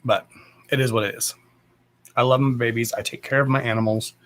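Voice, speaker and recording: A man's voice: mid-range voice, fairly even intonation, brisk, a bit bright, dry recording. A man hosting a livestream, talking in a blunt, rambling way and swearing freely. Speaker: psychic medium livestream host. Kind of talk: casual rambling live chat.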